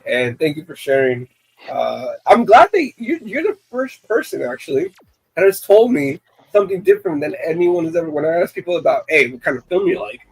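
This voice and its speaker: A man's voice: fairly high pitch, big pitch swings, fairly quick, creaky, husky, low-quality recording. A man co-hosting a live-stream panel, chatting enthusiastically and repeating his phrases. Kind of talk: casual chat on a live stream.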